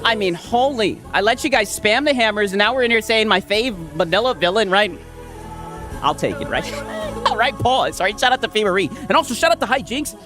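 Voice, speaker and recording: Animated streamer man, lively pitch. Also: fairly quick, soft background music. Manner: animated, repeats "right?" constantly, reads chat shout-outs. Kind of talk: casual live-stream chat.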